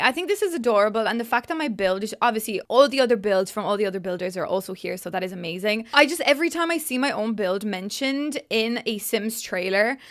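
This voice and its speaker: A woman's voice: medium pitch, a bit bright. A young woman gushing through casual reaction commentary on a game trailer, chatty and full of fillers. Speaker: gaming YouTuber.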